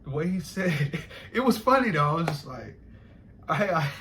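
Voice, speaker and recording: A man's voice: on the high side, big pitch swings, normal speed, fairly bright tone. Rambling profane man, faint background hiss. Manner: profane, repetitive, laughing asides. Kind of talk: casual rambling monologue.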